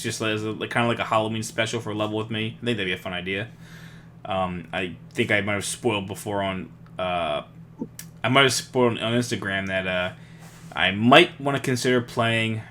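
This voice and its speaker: This podcast co-host is a young man whose lowish voice carries a fairly bright tone, with slight background noise in the recording. He chats casually and rambles, restarting often and laughing a lot.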